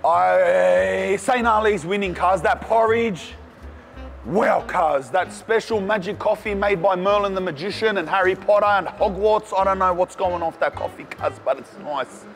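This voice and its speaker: An Australian man reviewing food in a casual vlog, talking in an excitable, slangy way. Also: high-pitched, moderate pace, creaky, faint music behind. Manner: slangy and excitable, calls the viewer "cuz". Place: cafes and city streets.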